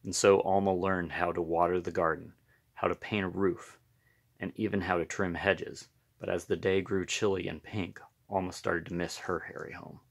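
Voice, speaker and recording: A man reading a picture book aloud in a gentle, unhurried storytelling manner. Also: deep voice, little pitch movement, vocal fry.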